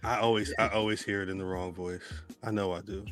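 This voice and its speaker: A man's voice: on the low side, fairly even intonation, quick pace, fairly bright tone, faint music behind. A man co-hosting a podcast in casual chat, joking and laughing often. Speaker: podcast co-host.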